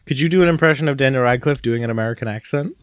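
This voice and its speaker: A young adult podcast co-host bantering with siblings, cracking jokes and tossing off quick impressions. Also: medium pitch, no echo, studio quality. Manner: quick joking asides, slips into impressions.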